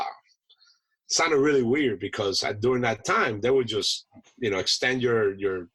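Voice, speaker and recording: A man, a Marine veteran guest on a podcast, telling stories in a casual, animated way and acting out the people in them. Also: medium pitch, normal speed, breathy edge, poor audio. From United States. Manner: animated storyteller acting out voices, laughs often. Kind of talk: casual storytelling.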